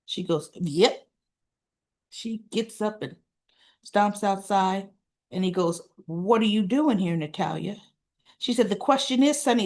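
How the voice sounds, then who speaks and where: A woman hosting a casual soap opera recap, retelling scenes in an animated way and acting out what the characters said. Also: mid-range voice.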